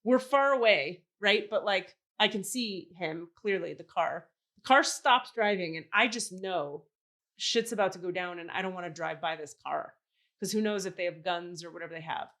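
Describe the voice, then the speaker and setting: A woman hosting a podcast, telling a story in casual chat, animated and swearing, acting out the voices of people she quotes. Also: on the low side, normal speed. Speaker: podcast host.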